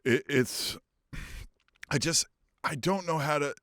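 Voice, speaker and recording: A man's voice: a little high, slow, fairly bright tone, no echo, studio quality. A man co-hosting a wrestling podcast in casual chat, sounding exasperated, swearing and trailing off into restarts.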